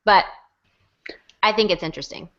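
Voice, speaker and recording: A woman chatting casually as a podcast host, jokey and full of quick asides. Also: mid-range voice, fairly bright tone. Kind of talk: casual chat. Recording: dull lo-fi recording.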